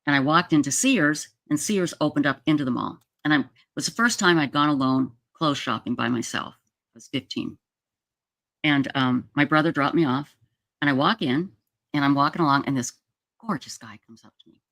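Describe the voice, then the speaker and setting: With a low, slightly bright voice at normal speed, a woman in her sixties from Utah hosts a livestream and tells a long personal story casually, rambling and restarting often. Her streaming setup mic gives clean studio sound without echo.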